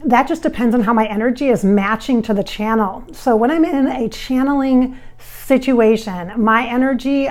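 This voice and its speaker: A woman from the American Midwest who channels spirits, talking casually to camera on a microphone about viewer comments, chatty and reassuring with fillers and restarts. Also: on the high side. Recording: recorded on a microphone.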